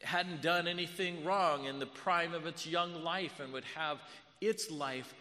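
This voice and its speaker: A man preaching a sermon as pastor, moving between hushed storytelling and loud, fervent preaching. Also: a little high, measured pace, in a large hall.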